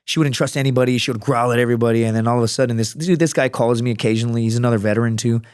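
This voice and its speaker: A man's voice: medium pitch, fairly even intonation, racing, a little mellow, clean tone, no room sound, studio quality. A man talking as a podcast guest, in a casual, profane, storytelling manner. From United States. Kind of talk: casual interview chat.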